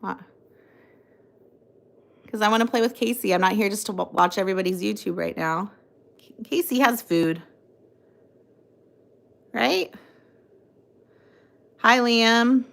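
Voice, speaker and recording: A woman's voice: mid-range voice, measured pace, gravelly, pauses often, fairly bright tone. A young adult woman hosting a casual phone livestream, rambling, reading out viewer comments and cooing at her dog. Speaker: livestream host.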